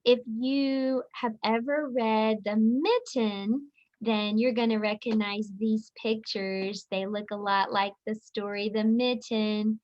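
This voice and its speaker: A woman teacher reading a picture book aloud to children, speaking clearly and expressively. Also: fairly high pitch, fairly even intonation, slow. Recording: dull lo-fi audio.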